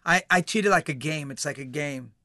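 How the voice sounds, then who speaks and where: A man's voice: fairly high pitch, fairly quick, sharp tone, no echo, studio quality. A man, an actor guest, talking casually and animatedly, often repeating his words. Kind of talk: casual interview chat.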